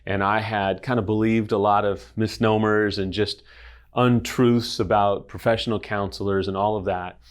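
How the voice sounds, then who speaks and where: A man's voice: lowish voice, level tone, normal speed, clean tone. A middle-aged man hosting, speaking earnestly to camera and telling a personal story, quoting others in dialogue. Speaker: host. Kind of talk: direct-to-camera talk.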